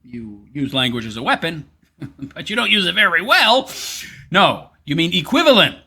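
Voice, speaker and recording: Brief: male reaction host, high sneering delivery, mocks and laughs often. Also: sing-song, moderate pace, sharp tone, slightly rough. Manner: sarcastic, taunting, laughs often. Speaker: reaction commentator. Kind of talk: mocking reaction commentary.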